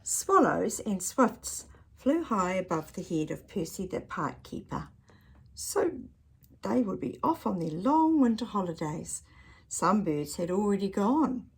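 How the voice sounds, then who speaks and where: A woman reading a picture book aloud to children in a gentle voice, pausing to ask the listener questions. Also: medium pitch, very animated, breathy edge. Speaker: storyteller.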